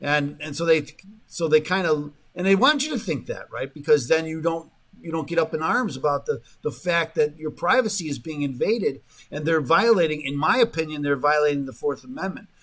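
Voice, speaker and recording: A man's voice: fairly high pitch, lively intonation, a little fast, a bit bright. A man hosting a talk radio show, rambling in a casual monologue full of fillers and restarts, sometimes mocking the voices of the people he quotes, in a radio studio.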